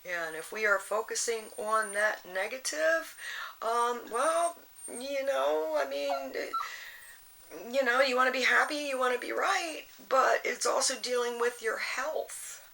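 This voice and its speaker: A woman's voice: fairly high pitch, measured pace, vocal fry, sharp tone, slight background noise, low-quality recording. A woman giving a casual astrology and tarot reading, rambling with lots of "you know" and restarts in a motherly, advice-giving way. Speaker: tarot reader.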